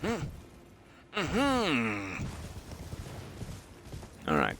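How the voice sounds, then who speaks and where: A man's voice: medium pitch, huge pitch swings, extremely slow, sharp tone, a little hiss or hum. A man giving live gameplay commentary, wry and musing, chatting to the enemies he fights. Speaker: streamer playing a video game.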